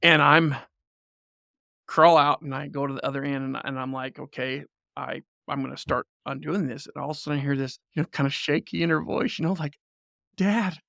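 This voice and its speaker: A man telling a lively family story as a podcast guest, often laughing and acting out what people said. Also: medium pitch, brisk, gravelly, no echo, studio quality. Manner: animated storyteller, laughs often, acts out quotes. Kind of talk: casual storytelling.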